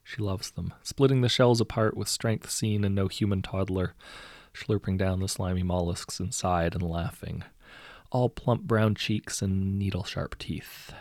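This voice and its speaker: A man softly narrating a story from a writing prompt in a hushed voice. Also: sits low, steady tone, unhurried, no echo, clean studio sound.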